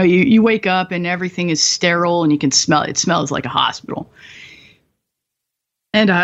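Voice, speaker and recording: A woman in her twenties, a guest on a podcast, telling her story in a candid, profane, self-mocking way and laughing often. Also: lowish voice. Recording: slightly dull podcast audio.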